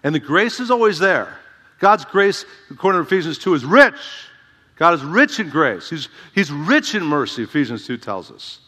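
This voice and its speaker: A male pastor preaches through a passage with a bright, forceful delivery. He repeats words and calls out "Amen?" to his listeners. His voice carries a long, echoing hall reverb. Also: fairly high pitch, very animated, moderate pace. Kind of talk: expository sermon.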